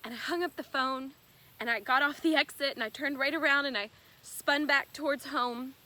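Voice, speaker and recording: A young woman giving a personal testimony in an earnest, halting, emotional way. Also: high-pitched, steady tone, bright, forceful tone. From United States. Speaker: bereaved sister telling her story.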